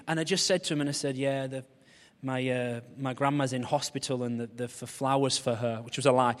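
A man's voice: medium pitch, fairly quick. A man, preaching a humorous, story-led sermon. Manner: humorous storytelling, animated voices for quoted people. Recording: long reverb of a large hall.

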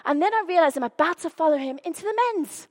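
Brief: woman speaker, high voice, lively sermon storyteller with a self-mocking streak. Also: fast talker. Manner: animated, self-deprecating humor, acts out scenes. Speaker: speaker sharing faith stories.

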